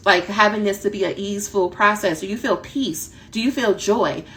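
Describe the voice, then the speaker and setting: A woman dissertation coach giving a direct, animated talk that acts out her students' inner voices. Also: medium pitch.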